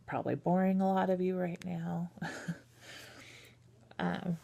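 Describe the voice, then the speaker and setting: A woman's voice: lowish voice, level tone, measured pace, gravelly, warm tone, lo-fi sound. A woman vlogging casually and candidly, hesitant and full of ums, walking viewers through her daily routine. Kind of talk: casual personal vlog.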